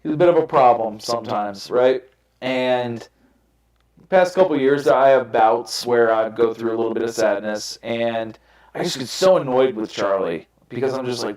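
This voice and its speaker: A man's voice: mid-range voice, moderate pace, a little mellow. A young man telling candid personal stories in casual podcast chat, swearing freely and rambling. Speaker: podcast host. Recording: roomy echo.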